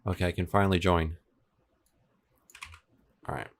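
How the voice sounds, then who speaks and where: A man's voice: low-pitched, little pitch movement, normal speed, a little hiss or hum. A young man in his twenties talking casually on a livestream, chatty and laid-back, answering viewers' chat as he works. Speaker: livestreamer coding a game server. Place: home room with an air conditioner running. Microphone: desk microphone, switching between two.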